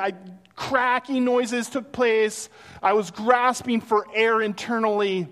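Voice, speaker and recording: A man's voice: very high voice, slow pace. A man preaching a sermon in a conversational way, telling personal stories and acting out the people in them. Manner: conversational, animated storytelling with acted-out quotes. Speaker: pastor. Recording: long reverb of a hall.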